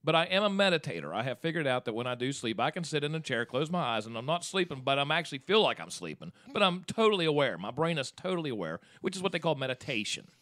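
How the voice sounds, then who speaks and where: A man's voice: on the high side, sing-song, quick pace, hardly any pauses, a bit bright, no echo, clean studio sound. A man co-hosting a casual podcast, rambling through stories and laughing at his own jokes. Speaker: podcast co-host. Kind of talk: casual chat.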